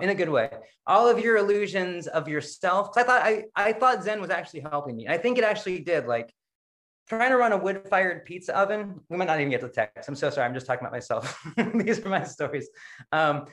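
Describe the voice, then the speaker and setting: A man's voice: fairly high pitch, fairly bright tone. Rambling, self-mocking middle-aged man. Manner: rambling, self-deprecating, laughs often. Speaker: Zen practice leader giving a dharma talk. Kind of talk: casual personal dharma talk. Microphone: video call.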